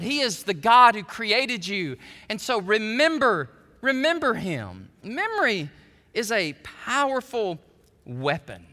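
High, lively pastor. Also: male voice. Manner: animated storytelling, stammering restarts. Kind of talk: sermon. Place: church sanctuary. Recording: long hall reverb.

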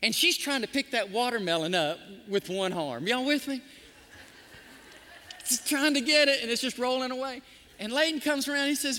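With a very high voice, a male pastor preaches at a moderate pace, leaving long pauses as he tells stories and acts out the people in them. His manner is animated, and a long reverb tail follows his words.

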